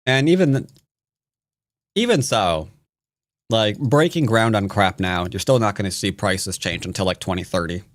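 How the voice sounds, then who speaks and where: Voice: deep voice, normal speed. An American streamer giving casual, playful commentary over a board game, muttering and humming along. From United States. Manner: playful, muttering, hums to themself.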